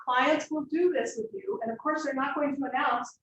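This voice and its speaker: A woman's voice: sits high, fairly even intonation, moderate pace, fairly bright tone. Woman lecturer in an echoey room. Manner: explanatory, uses acted examples, direct. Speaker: lecturer on counseling and autism. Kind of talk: lecture to students. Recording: echoey room, faint background hiss.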